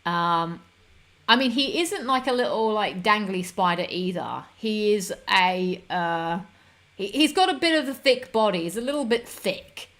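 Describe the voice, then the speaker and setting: A woman's voice: medium pitch, lively intonation, a little slow, a bit bright. A young woman hosting a livestream, chatting casually with viewers in a rambling, self-deprecating way. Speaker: livestream host.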